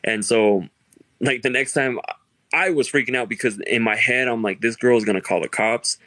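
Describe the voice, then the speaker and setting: This young podcast host has a bright, forceful mid-range voice at normal speed, recorded with no room sound. He spins laid-back stories in a casual chat, leaning hard on filler words and laughing frequently.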